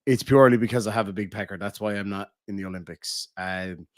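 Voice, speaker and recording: A man's voice: on the low side, fairly even intonation, fast talker, no room sound, studio quality. Cork man, crude live-stream banter. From Ireland. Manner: crude, joking banter, heavy swearing. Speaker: live streamer reading chat. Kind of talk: casual live-stream chat.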